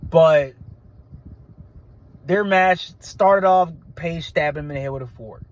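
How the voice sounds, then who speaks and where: Male show host, fairly high voice, blunt opinionated rambler who stammers and restarts. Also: slow. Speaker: wrestling show reviewer. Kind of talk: casual opinionated review.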